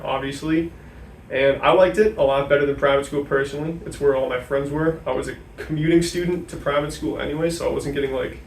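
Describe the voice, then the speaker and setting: A man's voice: a little high, a little hiss or hum. Young man, from New Hampshire, casual interview guest, filler-heavy, distant mic, echoey room. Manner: chatty, many "like" fillers. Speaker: guest, sports information director.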